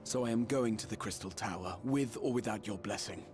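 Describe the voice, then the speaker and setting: A man gives voice to an earnest young mage leader, speaking in a low, solemn and measured way. Game music plays loudly behind him. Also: natural voice. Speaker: streamer reading game dialogue aloud. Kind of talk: fan voice reading of game cutscene lines.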